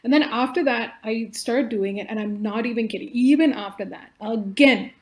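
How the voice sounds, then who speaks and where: A woman with a fairly high voice chatting as a podcast guest. She tells her stories in an animated, expressive way, with plenty of "like" fillers, in relaxed talk. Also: normal speed. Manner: animated storyteller, frequent "like" fillers. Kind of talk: casual conversation.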